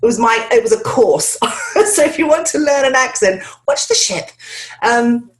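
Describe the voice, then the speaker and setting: A woman voice actor talking casually in an interview, chatty and animated, with many fillers and restarts. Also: fairly high pitch, normal speed. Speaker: voice actor guest.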